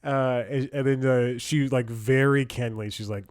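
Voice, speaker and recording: A man's voice: mid-range voice, steady tone, normal speed, hardly any pauses, no echo, studio quality. A young man hosting a comedy podcast, telling a rambling story and often chuckling and restarting his sentences. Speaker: podcast host. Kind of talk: casual comedic monologue.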